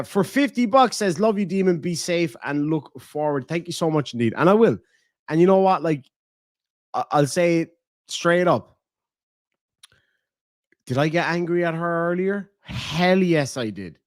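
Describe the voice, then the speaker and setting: A man's voice: fairly high pitch, no echo, studio quality. A man with an Irish accent hosting a casual livestream, reading donations and talking bluntly with lots of swearing. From Ireland. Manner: blunt and profane, animated swings in loudness. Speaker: livestream host.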